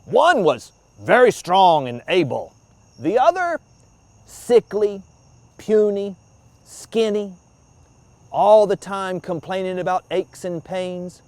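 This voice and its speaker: A man telling ghost stories with dramatic, at times hushed delivery. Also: high-pitched, lively intonation, slow pace, no room sound. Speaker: storyteller. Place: outdoor graveyard.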